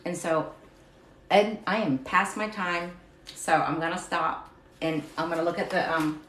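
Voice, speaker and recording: Woman, low voice, emotional and rambling, live stream testimony, echoey room, distant mic. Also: fairly even intonation, a little slow, very noisy. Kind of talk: personal testimony to a live audience. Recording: roomy echo, slightly distant mic.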